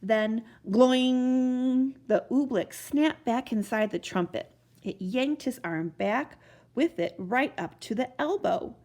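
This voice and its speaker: A woman's voice: fairly high pitch, slow. A woman expressively reading a children's storybook aloud. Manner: expressive, animated narration.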